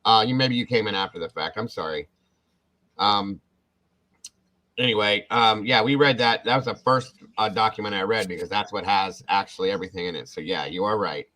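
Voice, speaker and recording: A man with a fairly low voice hosts a relaxed true crime live stream. He talks loosely and chattily, with small apologies and asides as he reads from the chat. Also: brisk, poor audio. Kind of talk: casual live-stream discussion.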